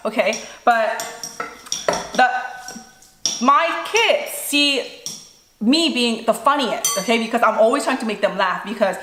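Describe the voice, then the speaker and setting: Mukbang mom, playful and joking, slightly high, recorded in an echoey kitchen. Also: female voice, measured pace, long pauses, noisy background. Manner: animated, playful and self-mocking. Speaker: mukbang vlogger, mother. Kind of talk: casual chat while eating. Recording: echoey room with faint dish clatter.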